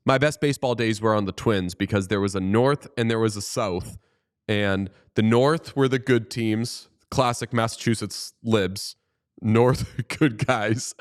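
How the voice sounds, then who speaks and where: Animated, joking man co-hosting a sports podcast. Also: lowish voice, unhurried, clear, resonant tone. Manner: animated, joking, swears freely. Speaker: podcast co-host. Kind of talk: casual sports chat.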